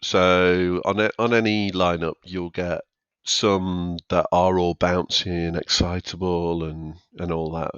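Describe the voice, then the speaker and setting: A man's voice: deep voice, little pitch movement, takes it slowly, a bit bright, smooth, no echo. A man who works as a stand-up comedian, talking candidly and self-deprecatingly as a podcast guest. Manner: candid, self-deprecating, acts out quoted chatter. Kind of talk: conversational podcast interview. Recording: dull dry lo-fi sound.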